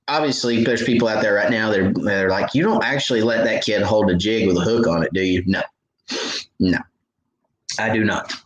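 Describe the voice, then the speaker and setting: A man's voice: lowish voice, fairly bright tone, echoey room, slight background noise, poor audio. A man hosting a fishing show, telling stories and answering viewer questions in a casual live chat, laughing at his own stories. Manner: chatty storyteller, laughs at own stories, many restarts.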